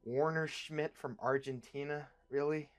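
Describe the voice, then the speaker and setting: A man's voice: a little high, fairly even intonation, a little slow, natural voice. A man voicing a skeptical crew member who speaks in a hesitant, dry way.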